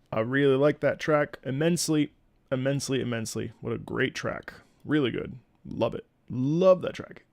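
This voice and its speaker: A laid-back man chats about music on his stream, swearing freely and tripping over his own sentences. His voice is gravelly with a mid pitch. The sound is dry and close, with no room around it. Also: normal speed, dry recording. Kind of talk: casual commentary over game music.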